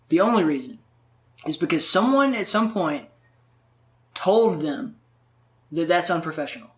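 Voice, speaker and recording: Animated, profane man telling stories. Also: high-pitched, moderate pace, long pauses. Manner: profane, animated storyteller, many fillers. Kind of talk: casual chat.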